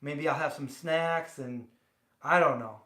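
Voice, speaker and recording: A man's voice: a little high, measured pace, pushed and bright, echoey room. Chatty man hosting a kitchen livestream. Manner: rambling, chatty, talks to viewers. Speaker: livestream host. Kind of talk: casual chat. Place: home kitchen.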